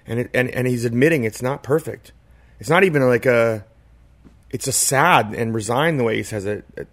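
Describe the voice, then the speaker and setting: A man's voice: medium pitch, normal speed, a bit bright. A man in casual podcast chat, talking in a reflective, rambling way with many "like" and "you know" fillers. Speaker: podcast co-host.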